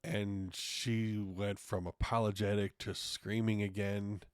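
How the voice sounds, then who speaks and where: Male podcast host, low voice, frank and salty, chatty solo storyteller. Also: little pitch movement, slow pace, clear, resonant tone, dry recording, studio quality. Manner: frank, profane, acts out quotes in retelling.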